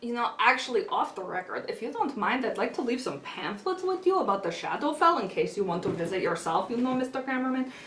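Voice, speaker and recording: A woman playing a cheery, morbid skeleton tourism guide, with a chatty sales pitch that swings between loud and hushed. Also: sing-song, quick pace, few pauses, slight background noise. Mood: chirpy, then confiding. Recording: roomy sound from a distance.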